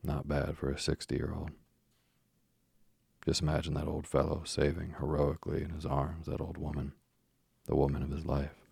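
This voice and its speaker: A man narrating a first-person story in a measured, steady storytelling manner. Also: very deep voice, gravelly, slightly rough, no room sound. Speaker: audiobook narrator.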